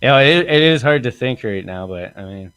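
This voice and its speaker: A man in his thirties hosting a comedy podcast, telling a story in an animated way, acting out quotes and laughing often. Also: medium pitch, a little fast, smooth, no room sound. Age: 30s. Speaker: podcast host.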